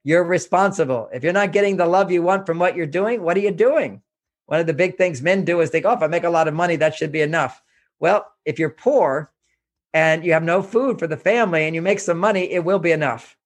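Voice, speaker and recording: A man's voice: sits high, brisk. An older man from Houston, Texas, an author speaking as an interview guest, giving earnest, emphatic self-help advice and repeating his points.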